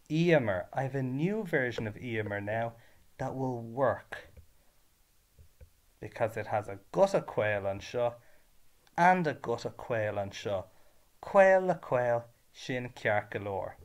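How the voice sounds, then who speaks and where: An Irish man talks through a revision lesson at an unhurried pace, in a voice of middle pitch. He is patient and methodical, splitting words into their syllables so every sound is clear. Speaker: Irish language teacher.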